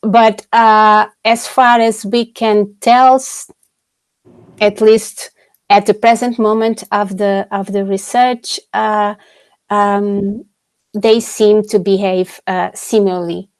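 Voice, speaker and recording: A woman researcher takes audience questions in an online academic Q&A, speaking slowly and hesitantly with plenty of fillers and restarts. Her voice sits in a middle pitch. The video-call sound is dry and close. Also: fairly even intonation, smooth, dry recording. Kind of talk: academic webinar Q&A.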